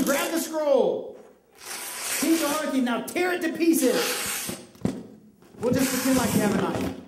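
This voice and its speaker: A woman teaching in a church children's ministry, directing children through a Bible story skit and acting out lines for them. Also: on the high side. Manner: animated, coaching, acts out the lines for the children. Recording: echoey room, mic far off, noisy.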